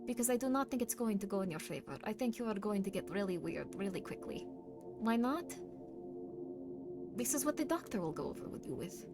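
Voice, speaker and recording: A woman hosting a casual livestream, chatting with viewers and reading their messages, teasing them playfully and at times pressing hard with loud, insistent demands. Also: medium pitch, big pitch swings, a little fast. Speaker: livestream host. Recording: stream with music playing underneath. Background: clear background music.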